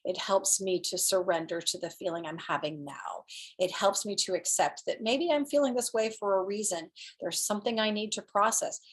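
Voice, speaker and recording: A woman hosting a live self-help show, talking casually as an inner-work coach in an earnest, animated way, laughing often and acting out her inner voices. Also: medium pitch, moderate pace.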